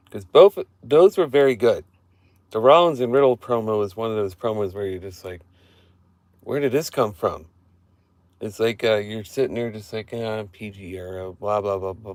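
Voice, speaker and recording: Excitable man swearing through a casual recap. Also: medium pitch, no room sound. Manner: excited, profane fan rambling with repeated phrases. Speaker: wrestling show reviewer. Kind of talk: casual live-stream recap. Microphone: phone held in hand.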